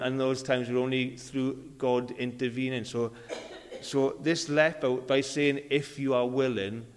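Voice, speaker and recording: A man delivers a sermon in an easy, talking style at a mid pitch. He circles back to key phrases to drive them home. His voice carries a long hall reverb, as if from a big church. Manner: conversational, repeats key phrases for emphasis. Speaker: preacher. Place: church service.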